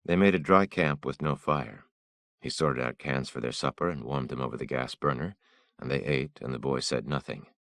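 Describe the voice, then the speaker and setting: A man narrates an audiobook in a measured, somber way. His voice is extremely deep and gravelly, recorded close and dry. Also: fairly bright tone, dry recording.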